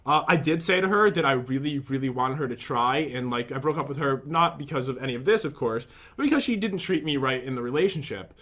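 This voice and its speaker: A man's voice: mid-range voice, expressive, a little fast, hardly any pauses, a bit bright. A young man in casual commentary, rambling and aggrieved as he reads out and picks apart messages from an ex. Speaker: vlogger.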